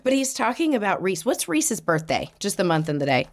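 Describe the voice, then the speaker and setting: Animated woman giving a spirit reading. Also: a little fast. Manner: animated, voices the spirit's words with sudden high jumps. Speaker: psychic medium.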